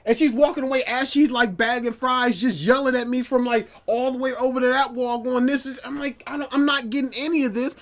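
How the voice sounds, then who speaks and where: Young adult man, podcast guest, casual animated storyteller who acts out coworkers. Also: very high-pitched, brisk.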